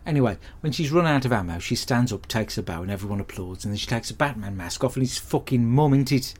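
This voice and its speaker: An actor playing a hapless, crude bloke who rambles through a comic monologue in a deadpan, sweary way. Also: male voice, mid-range voice, quick pace, slightly rough. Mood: grumbling. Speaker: comedy podcast character host.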